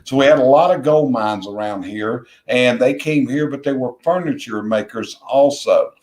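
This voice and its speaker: Speaking at a moderate pace in a medium-pitched, darkish voice, a Southern-accented business coach in middle age makes his case forcefully as an interview guest. He is blunt and keeps repeating himself for effect in this casual conversation.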